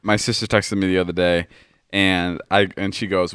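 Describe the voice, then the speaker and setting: A man's voice: deep voice, moderate pace, clean tone, dry recording, clean studio sound. A man hosting a casual podcast, telling stories with lots of swearing and acted-out quotes. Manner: animated storyteller, acts out quoted texts, swears freely. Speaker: podcast host. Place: podcast studio.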